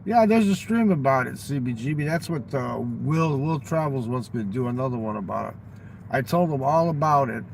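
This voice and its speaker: A man's voice: medium pitch, animated, moderate pace, vocal fry, a little hiss or hum, low-quality recording. An older man telling rambling, profane, boastful stories in casual talk. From United States. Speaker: livestream guest telling stories. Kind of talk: rambling storytelling. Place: fast-food restaurant.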